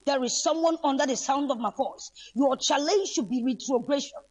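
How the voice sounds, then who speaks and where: A woman's voice: high voice, normal speed. A woman, preaching on the radio and making prophetic declarations to unseen listeners. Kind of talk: preaching broadcast appeal.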